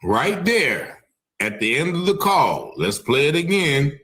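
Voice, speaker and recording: A man's voice: a little high, big pitch swings, slow pace, sharp tone. A man hosting an online news commentary show, talking through a case and repeating that it is only alleged. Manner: speculative, repeats "allegedly" and "once again".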